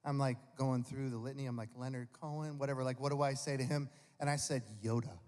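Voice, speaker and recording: A man's voice: medium pitch, level tone, quick pace, a little mellow, slight background noise. Rambling, self-mocking man on a reverberant stage. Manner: chatty, self-mocking, swears casually. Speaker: guest singer-songwriter. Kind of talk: rambling onstage anecdote. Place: live concert stage. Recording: long hall reverb, faint guitar.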